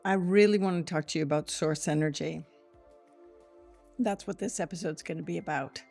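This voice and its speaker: Lower-voiced woman host, teary and giggly, casual spiritual chat over faint music. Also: moderate pace, gravelly. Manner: emotional, laughs often, warm and chatty. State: close to tears. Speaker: podcast host. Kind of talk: casual spiritual podcast talk. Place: small office studio, seated at a desk.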